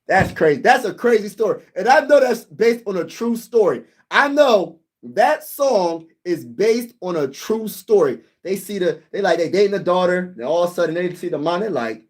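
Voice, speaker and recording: Casting note: young male livestream host, a little high-voiced, excitable and chatty, chats with his viewers. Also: normal speed. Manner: excitable, talks to viewers as "y'all", sings snippets. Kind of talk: casual live chat reading comments.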